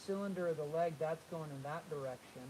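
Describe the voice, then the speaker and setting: A man's voice: a little high, brisk, a little hiss or hum, poor audio. Man teaching figure drawing while sketching. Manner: energetic, repeats phrases, talks while sketching. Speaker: art instructor. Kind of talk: live drawing demonstration.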